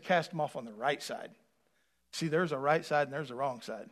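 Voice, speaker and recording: Pastor, man, lively up-and-down sermon delivery, higher voice, quiet asides to loud appeals. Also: moderate pace.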